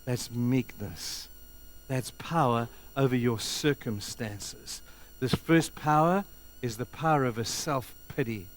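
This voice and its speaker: Man, pastor, impassioned sermon, mid-pitched voice, speaking in a church. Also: slow. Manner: impassioned, acts out quoted voices. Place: church hall before a congregation.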